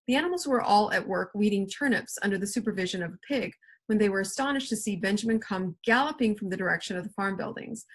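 Woman English teacher, expressive read-aloud, husky breathy tone, mid pitch. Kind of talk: reading a novel aloud to a class.

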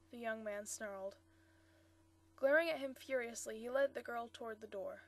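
A woman with a high voice reads a short story aloud. Her narration is steady, with occasional stumbles that she corrects as she goes. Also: moderate pace. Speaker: story reader.

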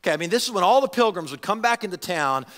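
A man preaching a sermon as a pastor, talking in an animated, conversational way with frequent restarts. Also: high voice, racing, big-room sound. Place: church sanctuary.

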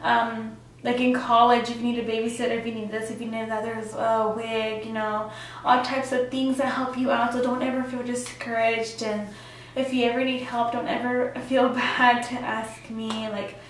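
A woman's voice: fairly high pitch, level tone, moderate pace, far from the mic, slight background noise. Chatty young woman in echoey room. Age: young adult. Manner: chatty, many fillers, acts out quotes. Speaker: vlogger. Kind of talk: personal story vlog.

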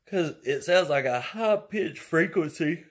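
A man's voice: on the high side, expressive, measured pace, slightly rough. A man, rambling and joking his way through an indoor vlog. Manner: rambling, jokey, drawling. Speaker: vlogger.

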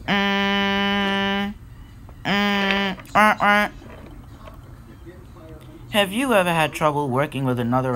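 A man's voice: medium pitch, fairly bright tone. A man narrating a fan-made storybook episode and talking directly to listeners. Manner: plain reading, talks straight to listeners.

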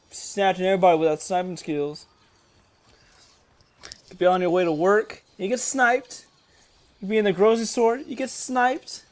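A gamer giving jokey, excitable commentary over a shooter game, yelling at other players with sudden leaps in pitch. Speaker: gaming commentator. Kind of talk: gameplay commentary.

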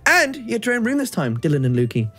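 A cheery middle-aged mother with a put-on British accent, played by a man voicing game dialogue. Her voice sits high and swoops about in a sing-song, giggly way. It sounds like a let's-play dub of a game character. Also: wildly swooping pitch, fast talker, a bit bright, soft background music, heavily acted.

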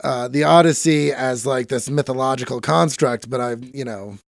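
A man's voice: mid-range voice, moderate pace, gravelly, no room sound, clean studio sound. A man co-hosting a casual podcast chat, rambling and profane, sick for days. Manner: rambling, profane, self-mocking. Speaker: podcast co-host.

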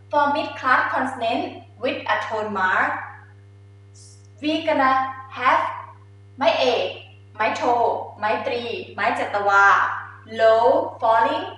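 A woman's voice: on the high side, bright, forceful tone, very echoey, far from the mic, a little hiss or hum, rough recording. A woman with a Thai accent, a native Thai speaker, patiently teaching a step-by-step language lesson and drilling words for repetition.

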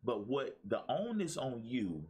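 A man's voice: medium pitch, sing-song, a little slow, darkish tone, breathy edge. A man, a pastor and motivational speaker, giving a preachy talk to his viewers, repeating himself and calling out to the audience. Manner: preachy, repetitive, calls on the audience.

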